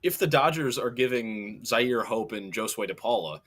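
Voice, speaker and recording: Young male co-host, relaxed casual chat, easy laugh, average-pitched voice. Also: moderate pace, a little hiss or hum. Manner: relaxed, laughs easily, reads chat comments. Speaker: podcast co-host.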